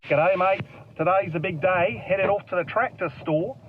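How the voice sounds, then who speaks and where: A man's voice: high-pitched, normal speed, music in the background, pitched above the performer's own voice, natural voice. A man in a comedic vlog bit, putting on a cheery mock Australian accent and poking fun at himself. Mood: playful. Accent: put-on Australian. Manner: jokey, self-mocking. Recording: tinny phone-like audio.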